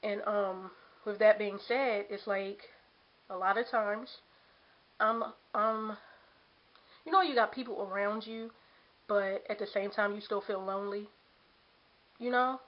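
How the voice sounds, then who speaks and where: A woman's voice: medium pitch, fairly even intonation, unhurried, pauses often, highs cut off. A young woman venting frankly to the camera from her bedroom, rambling with lots of "you know" and "like". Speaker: vlogger. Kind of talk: casual venting monologue to camera. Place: bedroom at home.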